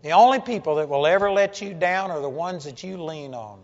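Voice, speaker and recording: A man's voice: on the high side, expressive, a little fast. A man preaching a sermon in a blunt, folksy way, joking with the crowd. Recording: dull lo-fi sound with long hall reverb.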